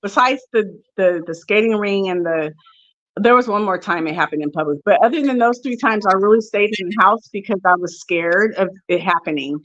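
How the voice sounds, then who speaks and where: A woman's voice: medium pitch, fairly quick, a bit bright, dry recording, lo-fi sound. A woman guest telling her story candidly and expressively in a casual interview, with frequent fillers.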